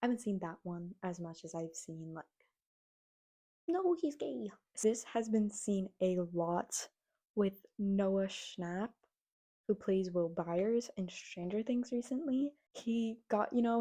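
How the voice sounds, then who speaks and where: A young woman vlogging her opinions in a casual, animated, exasperated way, often mimicking the people she criticizes. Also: medium pitch, slow. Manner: animated, exasperated, mocks others in quoted voices. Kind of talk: casual opinion rant to camera.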